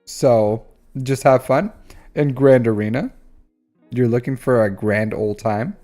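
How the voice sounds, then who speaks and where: A man's voice: mid-range voice, slow, warm tone, soft background music. A man in his thirties hosting a live stream, chatting casually and teasing his viewers in a rambling, jokey way. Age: 30s. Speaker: live-stream host reviewing game accounts.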